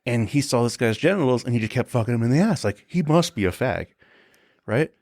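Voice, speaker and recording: A man's voice: mid-range voice, lively intonation, brisk, a little mellow, no echo, studio quality. A man in his forties, a guest on a podcast, telling casual anecdotes with lots of swearing, acting out quotes and laughing often. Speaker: guest, tour security guard.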